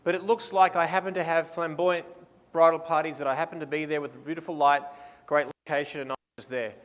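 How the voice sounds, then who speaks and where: A man's voice: fairly high pitch, fairly even intonation, fast, long reverb tail. An Australian man presenting a photography seminar in a casual, enthusiastic, playful way, mixing talk with live posing directions.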